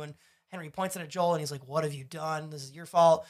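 A man's voice: a little high, steady tone, quick pace. A man co-hosting a podcast, recapping a TV episode in casual chat, rambling and swearing as he acts out lines from the show. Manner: rambling, profane, acts out quotes with shifting voices. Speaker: podcast co-host.

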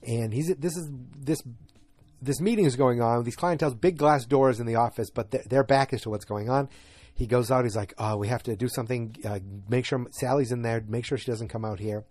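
A man's voice: medium pitch, brisk, a little mellow. A man from north of Boston with a light Boston accent, casually recapping a TV episode and rambling with lots of fillers and asides. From north of Boston, USA.

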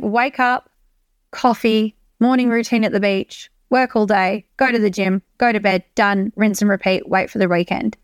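Young aussie woman doing a solo podcast, loud and emphatic, swears a lot, dry close sound. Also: medium pitch, normal speed, clean tone, no room sound. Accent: Australian. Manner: energetic, emphatic, swears freely. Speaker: podcast host. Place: beach hut.

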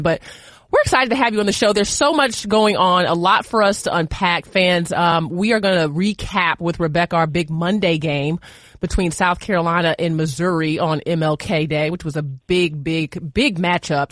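A woman's voice: fairly low pitch, normal speed, no echo, clean studio sound. Chatty woman podcast host. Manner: chatty and playful, laughs easily. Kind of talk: casual chat, interviewing a guest.

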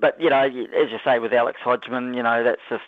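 A man's voice: medium pitch, steady tone, fast, dry recording. A man on a phone line to a radio show, rambling and hesitant with many fillers. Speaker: regular phone-in guest. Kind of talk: casual radio chat. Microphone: telephone.

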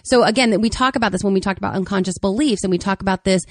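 A woman's voice: medium pitch, rapid-fire, dry recording. Attentive woman co-host, dry sound. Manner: attentive, brief agreements, reflective questions. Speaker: podcast co-host. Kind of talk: podcast conversation.

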